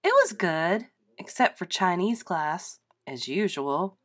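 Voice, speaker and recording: A stubborn eight-year-old girl complains her way through a classroom play. A woman reading aloud voices her, lifting her voice a little higher and making it sound whiny and insistent. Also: animated, slow pace, a bit bright, exaggerated voice. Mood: protesting.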